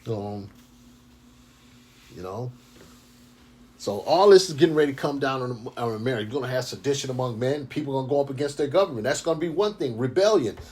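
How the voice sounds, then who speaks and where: A husky man gives an informal sermon, reading scripture slowly and then breaking into heated, profane street slang. His voice sits at an ordinary middle pitch with a rough edge. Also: lively intonation, darkish tone. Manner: gets fired up. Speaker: scripture teacher. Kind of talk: informal preaching monologue.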